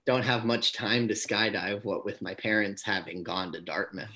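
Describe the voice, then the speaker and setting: A man performing improv comedy on a live show, talking in a deadpan, repetitive way. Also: fairly low pitch, normal speed. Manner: deadpan, repeats one boast. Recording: live stage audio.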